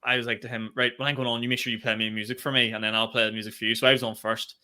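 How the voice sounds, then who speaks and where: A young man co-hosting a comedy podcast, telling animated stories in casual chat and swearing freely. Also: mid-range voice, very fast, clean tone.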